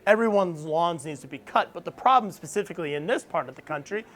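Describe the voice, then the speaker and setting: A man with a fairly high voice tells his startup story to a live audience. He is animated, laughs often and acts out what others said. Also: quick pace. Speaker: startup founder speaker. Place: event venue with audience.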